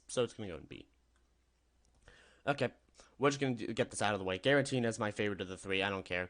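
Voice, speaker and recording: A young man with a fairly low voice that swings up and down a lot as he talks. He rambles cheerfully through casual gaming commentary, often restarting and correcting himself mid-sentence. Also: fairly bright tone. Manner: upbeat, rambling, self-correcting. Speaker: gaming YouTuber. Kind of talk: casual tier-list commentary.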